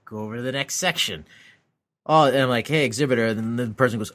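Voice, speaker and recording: Animated swearing man telling a story. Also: mid-range voice, fast talker. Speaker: podcast co-host; convention exhibitor. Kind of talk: casual chat.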